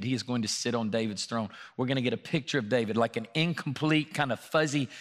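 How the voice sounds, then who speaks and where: Earnest male preacher, rising with scripture. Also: medium pitch. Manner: earnest preaching, rising and louder when reading scripture, hushed in personal stories. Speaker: pastor. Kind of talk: sermon. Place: church room.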